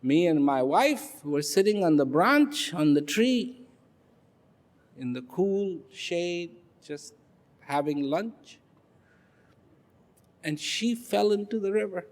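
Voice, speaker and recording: A man's voice: high-pitched, expressive, slow pace, long pauses. A man voicing a humble, honest woodcutter who explains himself in a plain, pleading way, in a hall with a long echo. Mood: sad. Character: humble honest male woodcutter, simple and earnest.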